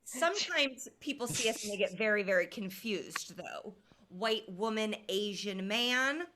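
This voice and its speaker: A woman from Indiana, in her thirties, performing a stand-up comedy set in a casual, deadpan way with lots of ums. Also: mid-range voice, unhurried, noisy background. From Indiana, USA. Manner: deadpan, conversational, with filler ums. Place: comedy venue with live audience.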